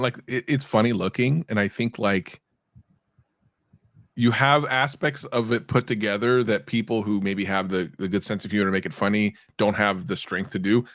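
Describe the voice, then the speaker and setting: A man's voice: fairly low pitch, no room sound, studio quality. A man co-hosting a live review stream, joking and giving casual feedback. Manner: animated, joking, laughs easily. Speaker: co-host of a channel review stream.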